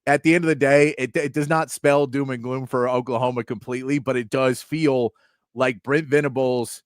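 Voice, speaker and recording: A man's voice: medium pitch, no room sound, clean studio sound. A man hosting a sports talk show, chatting casually and acting out quotes in mock voices.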